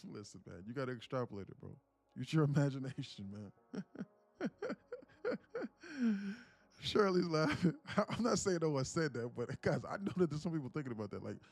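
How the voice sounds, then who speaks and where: A young male livestream host who rambles casually, cursing and laughing as he talks. His pitch is somewhat high and very lively. Faint music runs behind him. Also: slightly rough. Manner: profane, rambling, laughs often. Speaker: day-trading livestream host. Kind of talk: casual live-stream chat.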